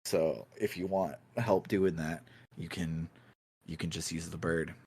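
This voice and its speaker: A man talks in a relaxed, meandering way as he co-hosts a video game podcast, often laughing. His voice sits a little low, and the recording is close and dry, with no room sound. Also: measured pace, slightly rough, no room sound. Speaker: podcast co-host. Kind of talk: casual chat about video games.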